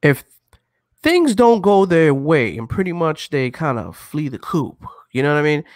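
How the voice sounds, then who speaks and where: A man's voice: on the high side, sing-song, moderate pace, no echo, clean studio sound. A man hosting a casual podcast chat, talking bluntly and with plenty of profanity. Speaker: show host.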